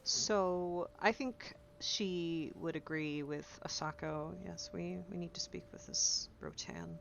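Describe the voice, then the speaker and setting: A woman playing a tabletop game, talking in a lively way over a dull home mic. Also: on the low side, takes it slowly, gravelly. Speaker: player. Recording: slightly dull lo-fi mic with faint noise.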